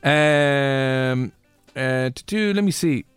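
A man's voice: medium pitch, drawn-out words, smooth, no echo, soft background music. A young Irish man hosting a radio show, chatting casually and teasing his co-host. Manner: teasing, playful, animated. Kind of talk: casual chat.

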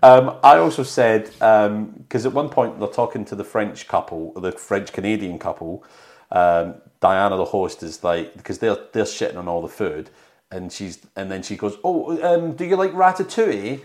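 A man's voice: low-pitched, steady tone, normal speed, darkish tone. A man co-hosting a podcast from home, chatting playfully and breaking into comic impressions. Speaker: podcast co-host. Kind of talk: casual chat. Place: home with a dog nearby.

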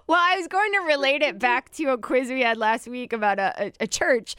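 Smooth-voiced woman hosting call-in radio. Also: sits high, pushed and bright, no echo, clean studio sound. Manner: chatty, laughs easily. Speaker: radio show host.

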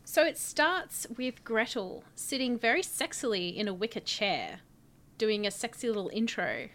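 A woman co-hosting a podcast in casual chat, animated and laughing often as she talks. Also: on the high side, moderate pace. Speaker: podcast co-host.

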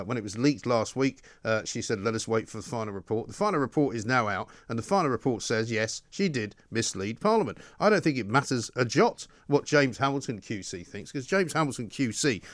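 A man's voice: medium pitch, no echo, studio quality. Forthright talk radio host, man. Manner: forthright, conversational.

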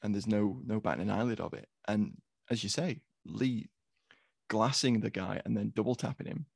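A man's voice: lowish voice, moderate pace, creaky, a little mellow, husky, no room sound, studio quality. A man co-hosting a podcast, who picks apart a film's plot in a wry, critical way and swears casually. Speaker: podcast co-host. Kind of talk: casual film review chat.

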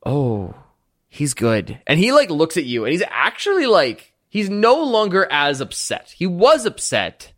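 A man's voice: on the high side, very animated, slow pace, a bit bright. A man narrating a tabletop role-playing game as game master, playful.

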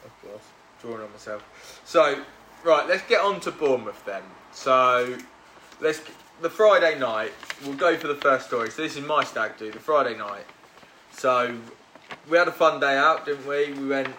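Man hosting a podcast, bright voice, chatty storyteller, echoey room. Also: medium pitch, expressive, normal speed, a little hiss or hum. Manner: chatty, self-deprecating storyteller. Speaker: podcast host. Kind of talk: casual chat with mates.

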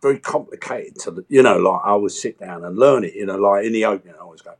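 An older man tells stories in a relaxed interview, leaping into the voices of the people he quotes. His voice sits low and has a husky edge. He talks in a lively, playful way. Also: quick pace. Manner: animated storyteller, acts out voices and quotes. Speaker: actor and entertainer, guest. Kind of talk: casual interview chat.

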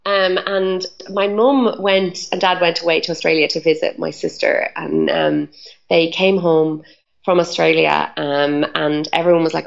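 Woman, interview guest, chatty storytelling, husky fry, muffled lo-fi sound. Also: deep voice, little pitch movement, a little slow. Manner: chatty, lots of "like" and "um" fillers. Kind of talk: casual storytelling.

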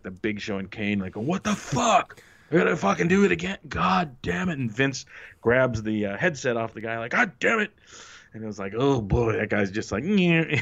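A man telling stories as a guest in a casual interview, acting out quotes in a raised voice and swearing freely. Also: medium pitch. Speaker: former wrestling writer, interview guest. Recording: muffled lo-fi audio.

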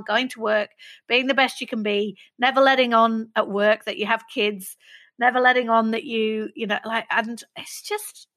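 Middle-aged woman from England, clear bright tone, open and self-reflective guest. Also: on the high side, fairly even intonation, normal speed. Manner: earnest and self-reflective, laughing at herself. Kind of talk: candid conversational interview.

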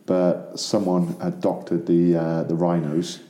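A man with a very low, mellow voice chats casually as a podcast co-host. He rambles and uses lots of fillers. The sound is roomy and echoey. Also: completely flat delivery, a little slow. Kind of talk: casual chat. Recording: echoey room.

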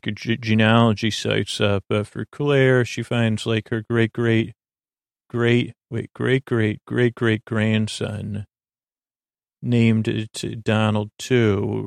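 A man with a low, gravelly voice rambles through an episode recap in an offhand way. His delivery stays flat and monotone as he stops and restarts, loosely paraphrasing what the characters say. The sound is close and dry. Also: no room sound. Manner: halting, full of fillers and restarts. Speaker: podcast host.

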